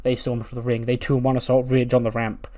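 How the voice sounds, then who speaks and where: A man narrating his wrestling management game run in a loose, chatty way. His pitch sits in an ordinary middle range. He keeps correcting himself and chuckles at his own jokes. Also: monotone, fairly quick, mellow. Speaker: game commentator. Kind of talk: casual narration of a wrestling sim playthrough.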